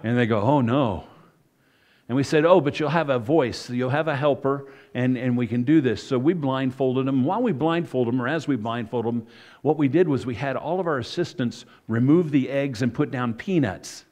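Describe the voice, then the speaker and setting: A man's voice: medium pitch, fairly quick, darkish tone. A middle-aged man, a pastor, giving a conversational sermon full of asides and self-corrections.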